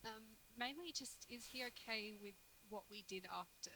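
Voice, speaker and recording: A woman in an audience, answering a stage host briefly and softly. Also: medium pitch, moderate pace, rough recording. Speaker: audience member. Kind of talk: live audience exchange.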